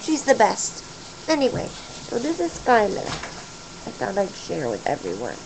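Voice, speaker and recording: A woman vlogging about her pet parrot at home, talking softly and dotingly to the bird. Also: medium pitch, wildly swooping pitch, measured pace, gravelly. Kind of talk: casual pet vlog. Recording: noisy home video recording.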